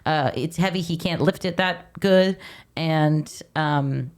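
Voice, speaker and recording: A woman co-hosts a casual TV rewatch podcast, giggling often and teasing her co-host. Her voice sits a little low for a woman, relaxed and conversational. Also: takes it slowly.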